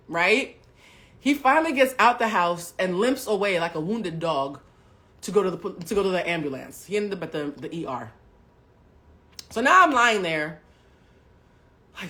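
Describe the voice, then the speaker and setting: A woman's voice: mid-range voice, expressive, moderate pace, pauses often. Profane woman telling a story on a live stream. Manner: profane, swings between hushed asides and loud outbursts; talks directly to live chat.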